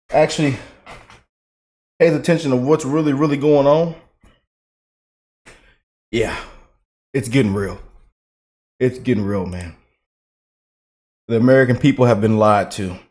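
A man giving casual political reaction commentary, chatty and loose, laughing often and repeating himself. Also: mid-range voice.

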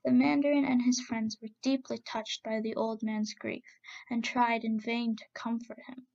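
A woman narrating a folk tale in a steady, expressive reading voice. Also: fairly high pitch, normal speed, gravelly, dull audio. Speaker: storyteller. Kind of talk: storybook narration.

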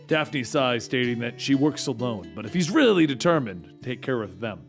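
A man's voice: mid-range voice, big pitch swings, moderate pace, few pauses, soft background music. A man narrating a comic book story in a dramatic, conversational way.

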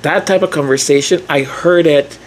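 A man's voice: a little high, normal speed. A man hosting a commentary vlog, talking casually and chattily, leaning on "like" and restarting his sentences. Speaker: commentary channel host.

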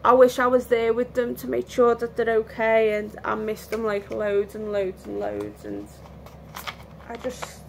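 Slow, gravelly-voiced tired woman vlogging. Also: a little high, a little hiss or hum. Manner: rambling, candid, restarts often. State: tired, yawning. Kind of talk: casual lockdown vlog chat. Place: at home.

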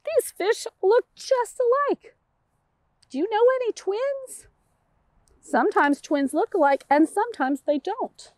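A children's librarian reading a picture book aloud at a toddler storytime, with a sing-song, exaggerated and encouraging delivery. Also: female voice, very high voice, animated, measured pace, darkish tone, dry recording.

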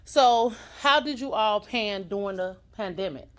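A woman's voice: mid-range voice, measured pace, a bit bright. A woman hosting a casual shopping vlog, chatty and upbeat as she talks straight to her viewers while touring an indoor boutique on a handheld camera. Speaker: vlogger touring a store.

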